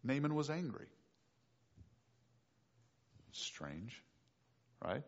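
A man preaching a sermon as pastor, animated and quick to act out voices of the people in the story. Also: mid-range voice, breathy edge. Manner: animated, acts out voices of figures. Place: church sanctuary. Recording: dull lo-fi recording with long reverb in a church.

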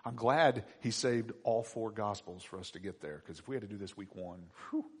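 A man preaching a sermon as pastor, moving between hushed reflection and loud, excited bursts. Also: on the low side, normal speed, slightly rough. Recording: long hall reverb.

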